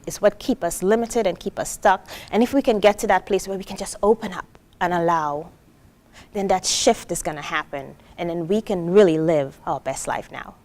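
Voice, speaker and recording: A woman from Trinidad giving a live motivational talk to an audience, animated, acting out quoted voices and asking the room questions. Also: mid-range voice. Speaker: motivational speaker.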